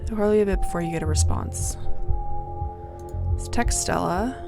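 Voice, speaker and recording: A woman's voice: on the low side, moderate pace, gravelly, over music. A woman in her twenties streaming a story game, chatting casually and making fun of herself. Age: 20s. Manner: chatty, self-mocking. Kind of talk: casual live commentary.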